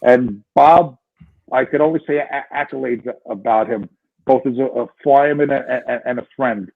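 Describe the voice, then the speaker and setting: A husky-voiced man in his sixties tells his story as a podcast guest, animated and full of restarts. His voice comes through a thin, tinny phone-like line. It sounds dry, with no room around it. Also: mid-range voice, moderate pace, no room sound. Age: 60s. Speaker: guest, retired fire lieutenant.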